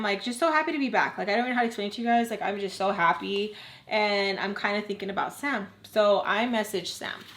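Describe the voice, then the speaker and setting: Chatty young woman telling a story. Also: medium pitch. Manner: chatty, heavy use of "like", acts out quoted voices. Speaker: storytime vlogger. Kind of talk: casual storytime. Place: home, doing makeup.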